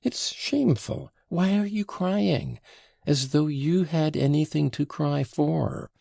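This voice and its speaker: Man doing an impatient young woman, high pitch, teasing, reproachful, insistent, husky. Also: very animated, a little slow, dark tone, no room sound, studio quality, heavily acted.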